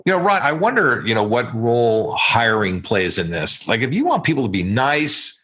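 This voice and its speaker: A male podcast host asks searching questions in a bright, sharp voice. His pitch moves a lot, and he often stops and restarts mid-thought. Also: big pitch swings, moderate pace. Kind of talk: interview podcast conversation.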